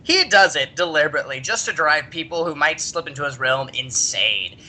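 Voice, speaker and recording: A podcast host telling a story in an animated chat, laughing often. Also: mid-range voice, fairly quick.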